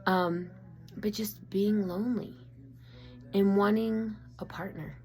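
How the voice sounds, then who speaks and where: A woman's voice: medium pitch, steady tone, slow, a little mellow, soft background music. A woman vlogger talking casually and openly about her feelings, rambling with many fillers and restarts. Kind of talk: casual personal confiding talk. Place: her own room at home.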